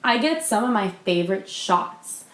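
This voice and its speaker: Chatting casually as a podcast co-host, a woman talks in a mid-range, fairly bright voice with lively intonation at normal speed. She uses lots of fillers and restarts, and the room echoes noticeably.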